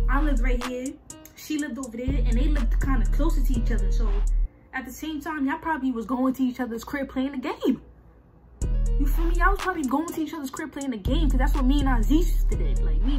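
A young woman with a husky voice, telling a storytime vlog in slangy, animated casual talk and repeating herself. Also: a little high. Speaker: vlogger. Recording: faint music behind.

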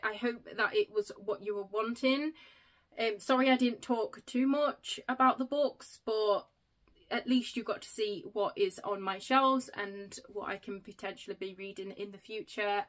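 Slightly high and a bit bright, a book vlogger's voice comes through her handheld camera as she casually tours her home library. She's out of breath and chatty, regularly stumbling over her words.

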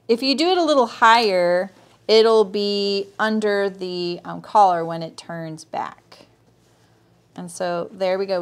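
A woman hosting a live sewing tutorial, talking viewers through each step in a chatty way, greeting them by name and checking in with "right?". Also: on the low side. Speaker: sewing teacher and livestream host.

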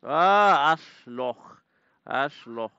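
A man's voice: medium pitch, animated, drawn-out words, pushed and bright, smooth, dry recording, dull audio. A man streaming a game, casually chatting and playfully repeating foreign words to practice them. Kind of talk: casual gaming live-stream chat.

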